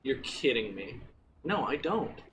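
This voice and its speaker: A man's voice: medium pitch, very animated, measured pace, a bit bright, rough recording. A man with a mid-range voice jokes his way through a game, narrating each move with a wry, offhand humour. There is a faint hiss of noise behind him. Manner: joking, wry. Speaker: gaming streamer. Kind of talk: casual gameplay commentary.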